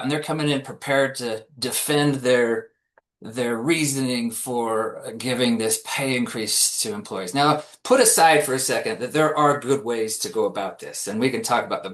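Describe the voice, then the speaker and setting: A man's voice: medium pitch, fairly bright tone. Guy giving a webinar talk, chatty, restarts a lot, acts out little quotes. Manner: casual, with frequent restarts and acted-out quotes. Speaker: compensation consultant presenting a webinar. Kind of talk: conversational webinar presentation.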